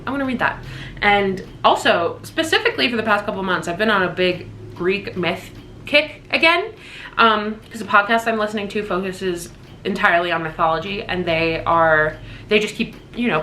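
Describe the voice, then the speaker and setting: A young woman with a bright, forceful voice gushes over her birthday gifts in a casual home vlog. She talks fast and excitably, dropping casual swears, with a faint hum of the room behind her. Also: medium pitch. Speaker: vlogger.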